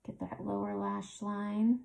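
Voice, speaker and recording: Woman, makeup tutorial host, casual step-by-step chat, gravelly fry, close mic. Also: medium pitch, little pitch movement, slow pace, darkish tone. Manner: chatty, talks through each step while applying makeup.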